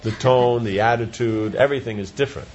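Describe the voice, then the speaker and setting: A man speaks fairly quickly in a mid-range, slightly mellow voice, teaching a class through casual discussion. He grounds ideas in everyday examples and often asks if it makes sense, recorded with dull lo-fi sound and light noise.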